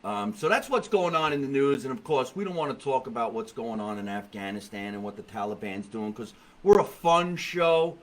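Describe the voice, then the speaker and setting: A middle-aged man hosting a comedy podcast, telling stories in a jokey, animated way with quoted voices. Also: lowish voice, brisk, few pauses, poor audio. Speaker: podcast host. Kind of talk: comedic casual chat. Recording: faint background noise.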